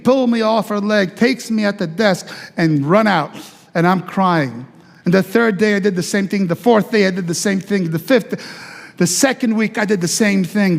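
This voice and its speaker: A man's voice: sits high, vocal fry, big-room sound. A male pastor from Italy telling his life story as a sermon in a chatty, conversational way, with asides to the congregation. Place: church sanctuary.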